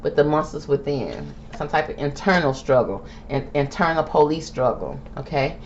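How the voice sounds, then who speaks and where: A woman's voice: deep voice, sing-song, normal speed. Emphatic woman reading tarot, lo-fi. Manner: emphatic, repeats "okay?", calls listener "baby"; grows heated and indignant. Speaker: tarot reader host. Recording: dull lo-fi with faint hiss.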